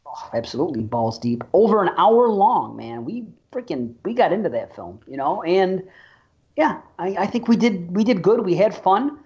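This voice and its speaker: A man's voice: sits high, sing-song, moderate pace, darkish tone, dull audio. A man hosting a horror podcast in casual, enthusiastic and rambling chat. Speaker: podcast host.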